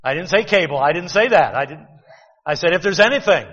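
A man's voice: a little high, lively intonation, fairly quick, a bit bright, breathy edge, lo-fi sound. Man preaching in a reverberant hall. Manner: conversational preaching, rhetorical questions. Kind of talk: sermon.

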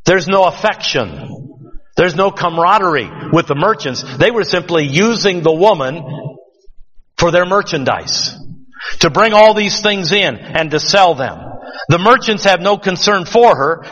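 Preacher in an echoing hall. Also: male voice, fairly high pitch, expressive, a bit bright. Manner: conversational, asks congregation questions, slows for emphasis. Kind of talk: expository sermon. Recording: dull sound with long hall reverb.

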